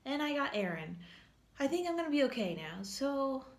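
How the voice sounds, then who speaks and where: Reluctant, hesitant biblical man in modern slang , put on by a woman, fairly high voice. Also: big pitch swings, moderate pace, roomy sound. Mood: resigned. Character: reluctant anxious biblical man, self-doubting.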